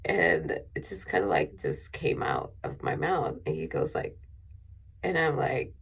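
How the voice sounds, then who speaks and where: A woman with a low, husky voice and a gravelly creak tells a personal story at an unhurried pace. She rambles and restarts often, and she sounds emotional, close to tears. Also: huge pitch swings. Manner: rambling, with many restarts and fillers. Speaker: vlogger.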